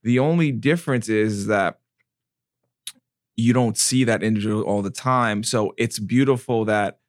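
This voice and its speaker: A man in his thirties hosting a casual chat, animated and profane, acting out quotes. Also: fairly low pitch, a little slow, dry recording, studio quality.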